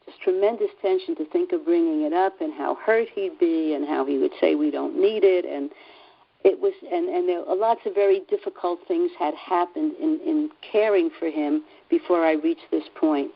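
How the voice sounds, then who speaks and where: A woman sharing a personal story in a group call, earnest and halting, with many fillers and restarts. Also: on the low side, gravelly, slightly rough, lo-fi sound. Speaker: class participant.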